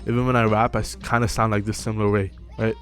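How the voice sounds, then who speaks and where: A young man giving casual self-improvement advice to camera, relaxed and full of fillers, often checking in with "right?". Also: fairly low pitch, fast, soft background music. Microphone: close mic.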